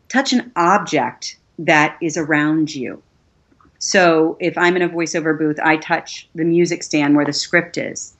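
Earnest coaching woman, lowish voice. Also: highs cut off. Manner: earnest, coaching, gives step-by-step instructions. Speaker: voiceover artist and guest. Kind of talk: casual advice in a conversation.

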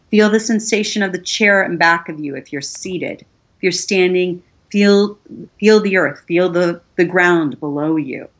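A middle-aged woman who works as a voiceover artist offers earnest, step-by-step advice in a casual conversation, coaching the listener along. Her voice is on the low side and a bit bright.

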